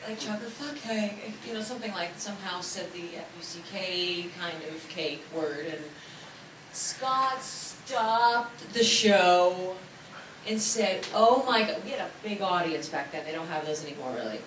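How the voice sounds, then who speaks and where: A woman in a panel talk, telling lively stories with many restarts, recorded from far off in an echoey convention hall. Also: on the low side, measured pace, noisy background. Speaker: actress on a panel. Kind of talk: panel anecdotes.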